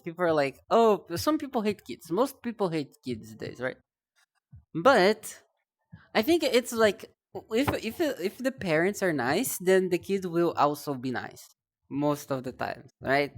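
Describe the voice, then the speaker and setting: A young woman on a live stream talks in a slow, drawn-out way, her voice sitting a little low. She rambles, pokes fun at herself and trips over repeated words as she chats. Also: sing-song. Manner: rambling, self-deprecating, stumbles and repeats words. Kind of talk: casual live-stream chat.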